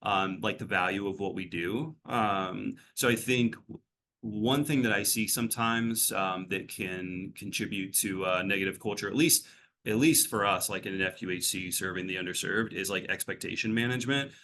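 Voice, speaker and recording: Man, clinician, casual interview answer, rambling with fillers, lower pitch, faint background rumble. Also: normal speed. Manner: rambling, many fillers and restarts. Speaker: behavioral health clinician.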